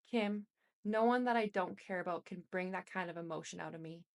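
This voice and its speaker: A woman's voice: fairly low pitch, brisk, close to an everyday voice. A woman reading out the lines of a manipulative, pleading man in her own voice. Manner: read out plainly in her own voice.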